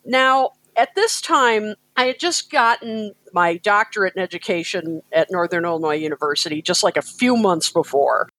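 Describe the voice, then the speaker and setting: Woman co-host telling an animated story. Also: mid-range voice, normal speed, hardly any pauses, dry recording, low-quality recording. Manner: animated, laughing, with lots of fillers. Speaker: podcast co-host. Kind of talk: casual storytelling.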